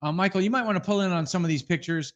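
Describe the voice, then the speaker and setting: A man's voice: high-pitched, rapid-fire, fairly bright tone, lo-fi sound. A man co-hosting a comedy fake-news segment, rambling through mock-earnest reports and laughing between lines. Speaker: co-host of a comedy news parody.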